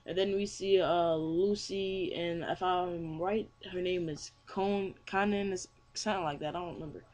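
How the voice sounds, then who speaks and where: A man's voice: sits high, steady tone, moderate pace, darkish tone, faint music behind. A young man casually reviewing a manga chapter, rambling with many fillers and restarts. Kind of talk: casual chat.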